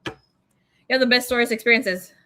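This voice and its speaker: A young woman with a somewhat high-pitched voice runs a tarot reading stream in a loose, casual way. She tells long stories in a frank, profane, chatty manner. She slips Spanish phrases into her talk. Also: brisk, sharp tone. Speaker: tarot reader livestream host. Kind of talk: casual storytelling chat.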